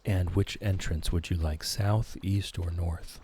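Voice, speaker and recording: Soft-spoken deep-voiced man streaming a game. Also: fairly even intonation, a little hiss or hum. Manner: soft-spoken, slow and soothing. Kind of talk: calm gameplay commentary for sleep. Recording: background music.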